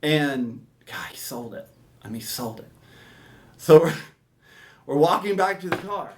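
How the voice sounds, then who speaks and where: A man from Alabama telling a comic story as a podcast host, animated and swinging from mumbled to shouted. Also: fairly high pitch, a little slow.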